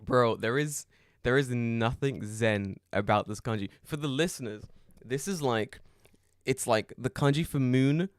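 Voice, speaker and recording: A man co-hosting a podcast, talking in a lively, storytelling way with frequent swearing and bursts of laughter. His voice sits at a middle pitch and sounds close and dry on the mic. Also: unhurried, no echo. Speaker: podcast co-host. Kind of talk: casual chat.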